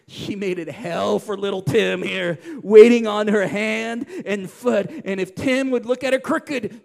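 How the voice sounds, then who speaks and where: A man preaching a sermon as pastor, swinging from loud emphatic lines to hushed, quiet ones. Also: high-pitched, a little slow, creaky, few pauses. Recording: long hall reverb.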